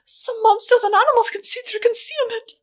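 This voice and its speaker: A woman's voice: very high-pitched, brisk, voice pushed up. A woman voicing a timid, terrified young pony filly who whimpers as she talks. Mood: whimpering.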